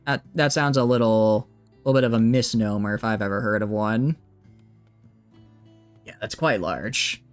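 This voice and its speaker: A man's voice: on the low side, moderate pace, long pauses, clean tone, soft background music. A man streaming a game, chatting casually and thinking aloud as he plays. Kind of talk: casual gameplay commentary.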